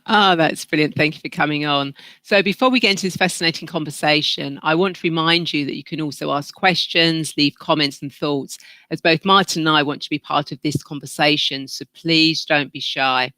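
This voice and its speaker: A man's voice: on the high side, steady tone, fairly quick, pushed and bright, no room sound. A man hosting a spiritual podcast, reading his introduction with enthusiasm. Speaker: podcast host. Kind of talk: upbeat show introduction.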